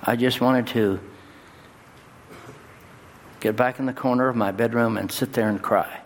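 Guy pastor preaching, mid-pitched voice, big jumps up high on key words, long church hall echo. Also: fairly even intonation, a little slow, a little hiss or hum. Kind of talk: sermon. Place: church sanctuary. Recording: long hall reverb, faint ambience.

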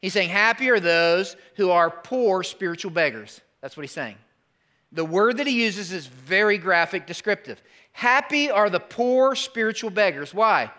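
A pastor with a high, sharp-toned voice preaches a sermon to his congregation. His style is conversational, and he poses rhetorical questions.

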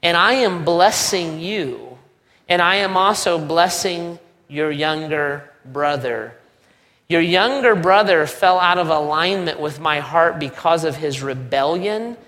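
A man voicing a patient, loving father who speaks gently but firmly, with long hall reverb. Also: a little high, a little slow. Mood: gentle. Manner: calm, gentle, firm.

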